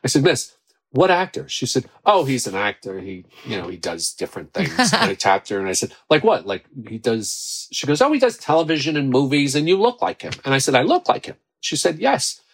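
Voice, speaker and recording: A middle-aged actor, a man, chatting as a podcast guest, telling rambling, animated anecdotes full of quoted voices. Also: medium pitch, a little fast, husky. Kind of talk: casual anecdotal chat.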